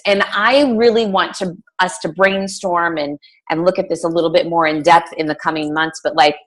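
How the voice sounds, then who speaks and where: A middle-aged woman, a fitness coach, giving a casual team training talk, chatty with many fillers and restarts. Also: lowish voice.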